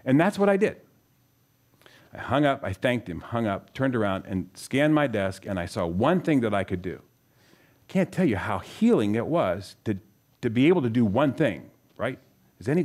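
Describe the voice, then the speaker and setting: A middle-aged man with a somewhat low voice gives a conversational Bible teaching. He tells stories from his own life and turns to his listeners with questions, earnest and direct. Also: darkish tone. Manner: asks the audience questions, storytelling, earnest. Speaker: speaker teaching scripture.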